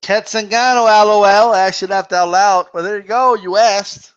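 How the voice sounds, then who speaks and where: Male boxing-stream host, high voice, laughs a lot, slangy and casual. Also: fairly even intonation, normal speed, fairly bright tone, clean tone, dull audio. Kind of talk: casual chat reading viewer questions.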